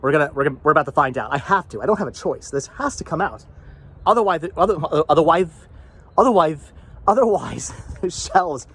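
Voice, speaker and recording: Man, vlogger, phlegmy with a cough, a bit higher-pitched voice, rambling self-talk outdoors, camera set down nearby. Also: expressive, brisk, a bit bright, breathy edge. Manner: rambling, repeats words, self-talk while working. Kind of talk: casual vlog chat. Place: outdoors by his van.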